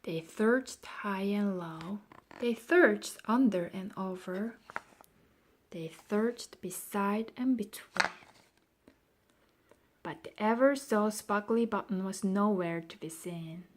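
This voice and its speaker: A woman narrating a children's storybook in a slow, expressive way, now and then dropping into soft whispers. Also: mid-range voice, a little hiss or hum. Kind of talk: scripted narration.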